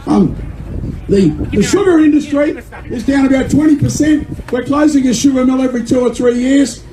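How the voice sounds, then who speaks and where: Older aussie bloke, angry rally speech, yelling a lot, mellow voice, roomy echo. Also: male voice, very high-pitched. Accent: Australian. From Australia. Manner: fiery, indignant, often shouting. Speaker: member of parliament. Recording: echoey room with faint noise.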